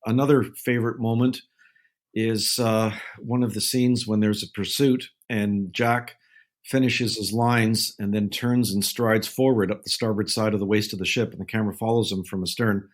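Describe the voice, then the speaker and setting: A man in his sixties, a guest on an interview show, telling unhurried anecdotes and acting out the people he quotes. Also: fairly low pitch, steady tone. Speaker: guest, naval film consultant. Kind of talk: relaxed interview storytelling.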